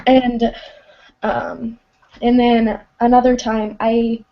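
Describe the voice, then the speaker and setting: A woman's voice: fairly high pitch, flat delivery, slow, a little hiss or hum. A seventeen-year-old girl from Kansas, sick at the moment, calling in to tell a ghost story, hesitant and full of "um" and "like". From Kansas, USA. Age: teens. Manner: hesitant, many "um" and "like" fillers. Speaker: caller. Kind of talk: telling a ghost story on a voice call. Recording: dull lo-fi voice chat audio.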